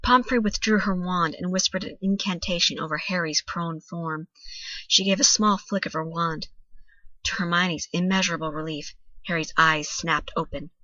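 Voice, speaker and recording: A young woman reading fanfiction aloud has a slightly low voice with a bright, forceful edge, fairly even intonation, and a moderate pace. Her delivery grows dramatic as the tension builds. The recording is dry and slightly dull, like a close home mic with no room sound.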